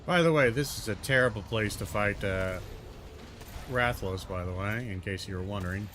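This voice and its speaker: A man narrating his own gameplay, muttering and cursing in exasperation, with sudden loud outbursts. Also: on the low side, moderate pace, a little hiss or hum. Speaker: gaming video host. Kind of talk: let's-play commentary.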